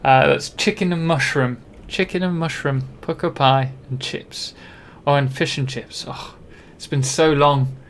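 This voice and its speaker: A man's voice: fairly high pitch, fairly even intonation, unhurried, hardly any pauses, a little hiss or hum. A young man from Britain chatting casually on a live game stream, rambling and self-deprecating, with many ums and restarts. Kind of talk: casual live-stream chat while playing.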